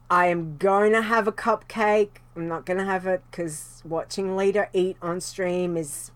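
A woman's voice: medium pitch, a bit bright. A woman hosting a live stream, rambling through heartfelt thank-yous in casual chat. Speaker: show host.

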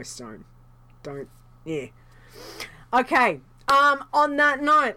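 A woman's voice: fairly high pitch, bright, forceful tone. A woman hosting a live stream, rambling through heartfelt thank-yous in casual chat. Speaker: show host.

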